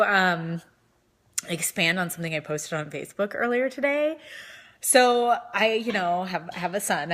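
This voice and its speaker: A woman's voice: on the low side, fairly bright tone. A young woman talking casually to her viewers in a motivational vlog, chatty and earnest, repeating phrases for emphasis. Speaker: vlogger.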